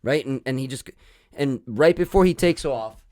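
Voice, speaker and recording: A man's voice: mid-range voice, expressive, moderate pace, a little mellow. A young man co-hosting a podcast, telling a rambling story full of swearing and fillers in casual chat. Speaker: podcast co-host.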